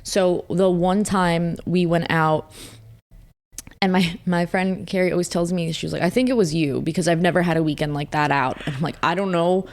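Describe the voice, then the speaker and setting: A young woman co-hosting a podcast, telling stories in animated, casual chat and swearing freely. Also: fairly low pitch, normal speed. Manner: animated storytelling, frequent swearing. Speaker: podcast co-host.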